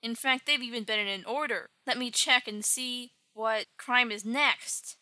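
A woman's voice: on the high side, measured pace, pushed and bright, no room sound. Woman doing an earnest millionaire hero man. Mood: puzzling. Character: earnest male millionaire hero, puzzling things out.

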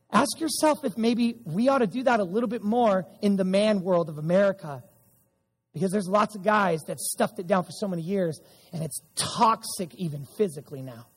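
High husky-voiced preacher in a reverberant hall. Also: male voice. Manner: emphatic preaching with repeated audience call-and-response. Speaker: pastor. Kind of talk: sermon. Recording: church sanctuary with long reverb.

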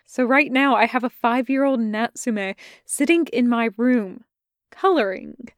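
A shy teenage boy stammers and hurries through his words, nervous on the phone, as a woman reads him in a storybook. The voice is smooth and fairly high. The sound is close and dry. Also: a little slow, no echo, lightly acted.

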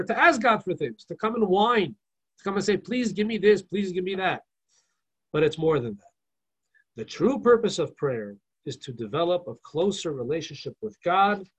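Husky-voiced man teaching a religious class. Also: fairly high pitch, poor audio. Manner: animated storyteller, rhetorical questions, frequent restarts. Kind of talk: casual religious class lecture.

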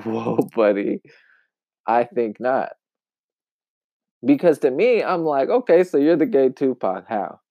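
A man giving casual commentary in an emphatic, wry way, with long pauses, on a dull, dry lo-fi recording. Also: medium pitch, no echo. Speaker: commentary vlogger.

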